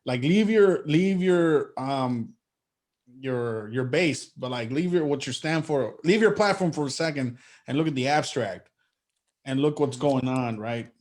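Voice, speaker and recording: A man's voice: mid-range voice, a little slow, a little mellow. A man co-hosting a political talk show, who builds his case with rhetorical questions and often repeats words as he starts a sentence. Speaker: podcast co-host.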